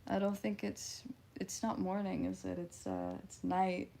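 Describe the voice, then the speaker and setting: A woman's voice: medium pitch, very animated, a little slow, creaky, mellow, a little hiss or hum. Giggly young woman streamer chatting. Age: 20s. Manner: giggly, chatty, reacts to chat messages. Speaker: livestreamer reading chat. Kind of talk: casual live-stream chat.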